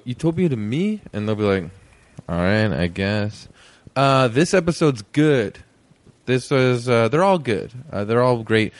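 A man's voice: medium pitch, dry recording. A young man hosting a podcast, rambling and joking through a casual intro. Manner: rambling, self-deprecating, jokey. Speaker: podcast host.

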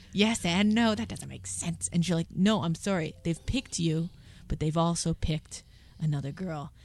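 A woman hosting a podcast, chatting casually and telling lively stories. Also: lowish voice, normal speed. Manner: chatty, excitable storytelling with laughs. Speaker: podcast host. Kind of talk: casual interview chat.

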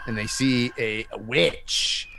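A man's voice: mid-range voice, slow pace, creaky, pushed and bright, slight background noise. A man running a tabletop game as game master, narrating loosely with many fillers. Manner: loose, chuckling, full of fillers.

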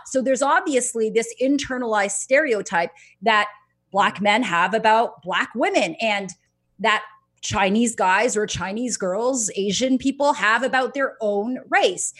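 A woman's voice: medium pitch, unhurried, fairly bright tone. A woman in casual chat, candid and profane, laughing often as she talks.

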